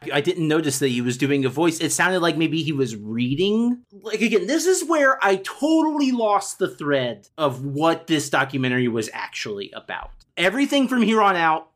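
Man, podcast co-host, incredulous, animated pitch, casual chat. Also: normal speed, hardly any pauses. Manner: exasperated, incredulous, profane. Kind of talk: casual chat reviewing a documentary.

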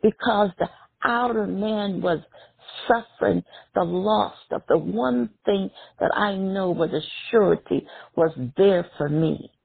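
A woman preaching a sermon in a slow, emphatic style, her voice rising sharply on key words. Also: gravelly, slightly rough, no echo. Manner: slow, emphatic preaching with sudden high rises. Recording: tinny phone-like line.

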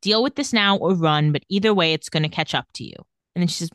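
A woman's voice: lowish voice, fast talker, fairly bright tone, no echo, studio quality. A woman co-hosting a casual podcast, retelling scenes and quoting characters' lines, laughing often. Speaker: podcast co-host recapping a TV episode. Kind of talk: casual chat.

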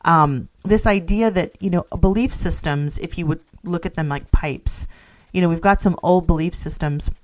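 A middle-aged woman with a lowish voice co-hosts a casual spiritual podcast at a normal speed. She's enthusiastic, laughs often, and fills her speech with "you know."

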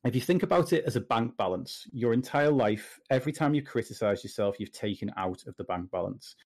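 A British man speaking as a guest in a casual interview, animated and joking as he gives advice. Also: mid-range voice. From Britain. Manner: animated, jokey, talks in quick asides. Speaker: podcast guest, confidence coach.

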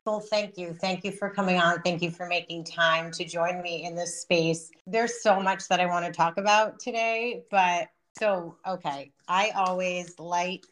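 A woman's voice: on the low side, fairly even intonation, measured pace, hardly any pauses, a bit bright. Bubbly woman hosting a spiritual podcast. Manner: bubbly, laughs often, effusive. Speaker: podcast host. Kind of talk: casual spiritual podcast chat. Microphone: remote call.

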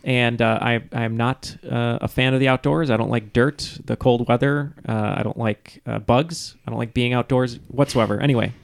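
A man's voice: medium pitch, fairly even intonation, moderate pace, gravelly, hardly any pauses. A man hosting a casual podcast with friends, reading trivia questions and telling stories in a rambling way, with many ums and uhs. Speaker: podcast host running a trivia quiz.

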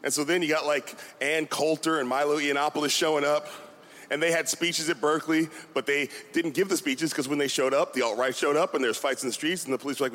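A man performing a stand-up comedy set, telling animated stories and mocking voices. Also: on the high side, fast. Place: comedy venue with a live audience. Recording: loud crowd and noise.

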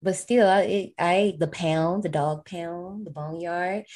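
A woman's voice: fairly low pitch, fairly even intonation, slow, a little mellow. A woman co-hosting a podcast, recapping a horror film in a casual, slangy way and laughing often. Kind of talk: casual chat.

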